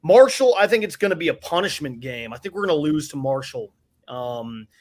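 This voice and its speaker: A man's voice: fairly high pitch, very animated, a little fast. A man who is a guest on a sports podcast, making wry, sarcastic predictions. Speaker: guest content creator. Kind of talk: casual sports chat.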